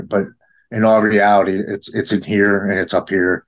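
Man, lower voice, casual storytelling, acts out quotes, forties. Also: level tone, normal speed. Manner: storytelling, quotes others in a raised voice. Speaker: guest in recovery. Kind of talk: casual conversation.

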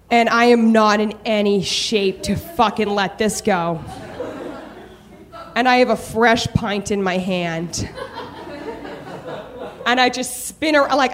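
A young woman telling a candid, profane personal story on stage, building to comic rants. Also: mid-range voice.

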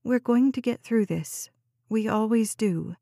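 A woman's voice: fairly high pitch, unhurried, mellow, no room sound, studio quality. A woman reading an audiobook voices a nervous young woman who stammers and hesitates. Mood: quietly steady. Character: nervous young woman caring for her little brother.

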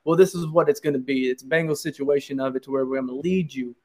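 A man hosts a football podcast in a casual, profane style. His voice sits mid-range for a man. He works himself into a shouting, hyped pep-rally rant. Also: mid-range voice, fairly even intonation, fast. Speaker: podcast host. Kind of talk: casual sports podcast chat.

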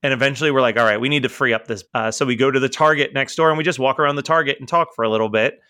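A young man co-hosting a casual podcast, his voice bright and forward. He tells a long story with frequent laughs and acts out what each person said along the way. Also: medium pitch, rapid-fire, smooth, dry recording, studio quality. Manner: storytelling, laughs often, acts out quoted dialogue. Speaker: podcast co-host. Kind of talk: casual chat.

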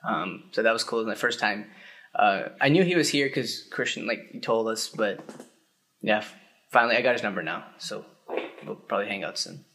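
A young man co-hosting a podcast, chatting casually with friends in a rambling way full of pauses and filler words. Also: lowish voice, bright, forceful tone. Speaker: podcast co-host. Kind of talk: casual chat among friends.

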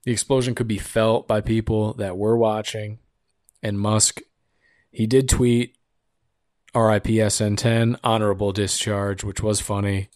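A man's voice: fairly low pitch, little pitch movement, measured pace, darkish tone, no echo, clean studio sound. Sarcastic rambling podcast host, man. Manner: sarcastic, rambling, jokey asides. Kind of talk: casual comedic podcast monologue.

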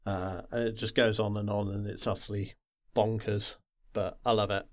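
A man from the Wirral in England, chatting casually about a game on a podcast and rambling with lots of pauses and filler sounds. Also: fairly low pitch, little pitch movement. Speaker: podcast co-host.

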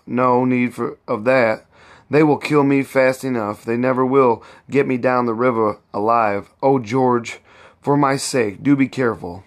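A man's voice: mid-range voice, close to an everyday voice. A man reading aloud and voicing an anxious, devoted young wife and mother who pleads with her husband, his voice raised and strained.

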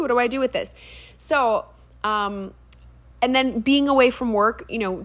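A young woman who works as a fitness trainer, hosting a casual solo podcast with a chatty, animated manner and lots of ums and asides. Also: medium pitch. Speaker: podcast host.

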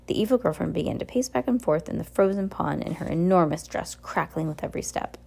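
Woman with a low gravelly voice reading a story. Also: animated, quick pace, darkish tone. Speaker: audiobook reader. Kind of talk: audiobook narration.

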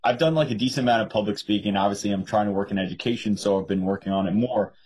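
A man's voice: fairly low pitch, rapid-fire, a little mellow, low-quality recording. A young man co-hosting a casual political podcast, telling stories and mimicking others in a raised voice. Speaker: podcast co-host.

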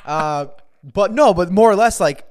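A young man co-hosting a podcast, talking in crude, rowdy banter and laughing and shouting often. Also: sits high, lively intonation, unhurried. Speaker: podcast co-host.

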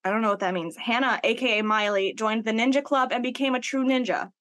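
A woman's voice: a little high, steady tone, quick pace, fairly bright tone. A young woman co-hosting a casual chat, reacting playfully and laughing often. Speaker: podcast co-host.

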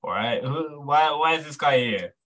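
A man's voice: on the high side, lively intonation, normal speed, a bit bright. Laid-back man playing a tabletop game. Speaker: player. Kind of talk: casual tabletop game play.

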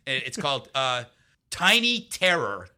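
A man as an interview guest, telling a story in an animated way, laughing often and acting out what other people said. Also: medium pitch, a little slow. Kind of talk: storytelling anecdote in a conversational interview.

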